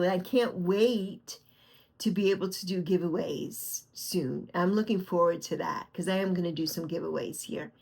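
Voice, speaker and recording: A woman's voice: fairly low pitch, creaky. A middle-aged woman from the Bronx with a New York accent, rambling affectionately to her viewers from her bed in a casual vlog. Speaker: vlog host. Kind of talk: casual chat. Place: lying back on her bed at home.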